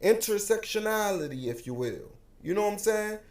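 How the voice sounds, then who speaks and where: A man with an African American English accent delivers a blunt, repetitive rant straight to the camera. His voice sits very high for a man. The room around him rings with echo. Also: expressive, moderate pace. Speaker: social media commentator. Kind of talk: heated direct-to-camera rant.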